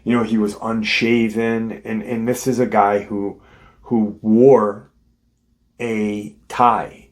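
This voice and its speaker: A man with a fairly low voice talks slowly and unhurriedly. He casually retells someone else's story as the host of his own show, in plain conversational speech. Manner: retelling a witness account in a conversational way.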